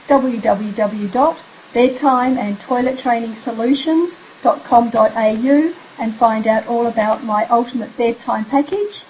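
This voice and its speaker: Woman, parenting coach, higher voice, gentle soothing delivery, slightly muffled recording. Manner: drops to a soft, slow, sleepy voice when modeling bedtime phrases. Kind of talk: instructional parenting tips. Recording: slightly dull recording with faint hiss.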